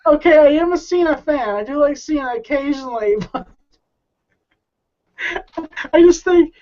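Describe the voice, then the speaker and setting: A man's voice: extremely high pitch, lively intonation, moderate pace, a little mellow. A man being interviewed as a guest, talking in a rambling, hesitant way with many restarts. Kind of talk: casual interview chat. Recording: muffled lo-fi audio.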